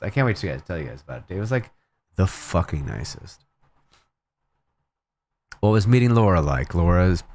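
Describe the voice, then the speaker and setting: A man cosplayer chatting casually with his livestream viewers, telling a long story with many restarts and fillers. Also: low voice. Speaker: cosplayer streamer.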